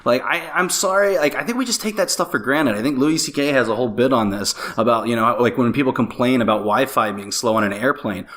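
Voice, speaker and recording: A man talking as a guest on a business podcast, animated and casual, with many fillers and restarts. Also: medium pitch, quick pace, hardly any pauses. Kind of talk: casual interview chat.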